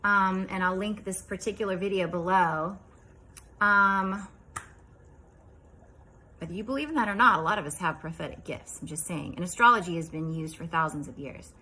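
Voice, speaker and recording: A woman in her fifties casually recounting a strange dream, chatty and rambling, dropping into quiet asides. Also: lowish voice, normal speed, pauses often, slight background noise, rough recording. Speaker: vlogger.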